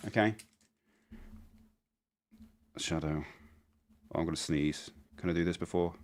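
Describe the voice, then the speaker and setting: A man's voice: low-pitched, unhurried. A middle-aged man chatting casually on a live stream, rambling and often laughing.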